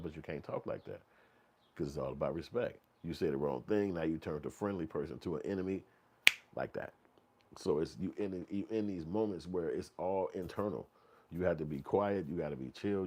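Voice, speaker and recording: A man with a deep, low voice holds forth in casual commentary. He tells it as a vivid story aimed at the listener, swearing freely and now and then acting out other voices. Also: a little fast. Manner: profane, vivid storytelling with second-person address; acts out quoted voices, sometimes yelling high. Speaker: channel host commenting on news.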